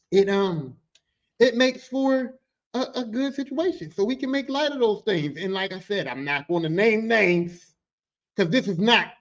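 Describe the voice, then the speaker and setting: A man hosting his own podcast in a casual, animated monologue, joking and swearing freely as he tells stories about his work. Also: high-pitched, muffled recording. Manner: animated, profane, joking storyteller. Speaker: podcast host. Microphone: podcast microphone.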